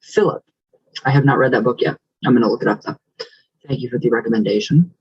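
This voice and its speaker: A man's voice: medium pitch, fast talker, a little mellow, husky, dull audio. A man vlogger chatting casually with viewers and greeting them. He rambles with lots of fillers and sometimes rolls his R's. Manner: rambling and affectionate, many fillers. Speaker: vlogger reading viewer comments. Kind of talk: casual chat.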